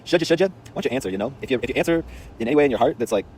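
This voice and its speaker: A man's voice: mid-range voice, lively intonation, rapid-fire, a little mellow, a little hiss or hum. A man telling a story in a casual, rambling, slangy monologue, intense in delivery, recorded outdoors on a city street.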